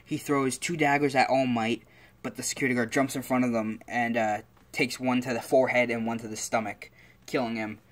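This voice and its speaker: A man's voice: medium pitch, steady tone, fairly quick. A man telling a story casually, rambling along with lots of fillers and restarts.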